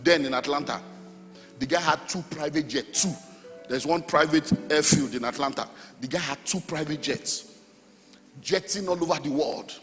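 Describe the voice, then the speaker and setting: A middle-aged Nigerian man preaching a sermon as pastor, animated, with sudden shouts and sung phrases. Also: fairly high pitch, moderate pace. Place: church hall. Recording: long hall reverb, faint music.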